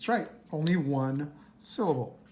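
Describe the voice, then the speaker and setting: Slow, low-voiced woman teaching children. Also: animated, dark tone, a little hiss or hum. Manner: patient, slow, asks children questions and answers them. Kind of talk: reading a worksheet aloud to young children.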